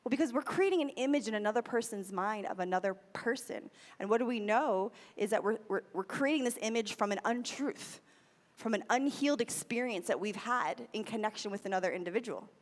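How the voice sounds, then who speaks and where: With a slightly high, expressive voice and a fairly quick pace, this American woman from the United States delivers a conversational sermon talk at a spiritual center. Key phrases get repeated for emphasis, and there's a big-room sound.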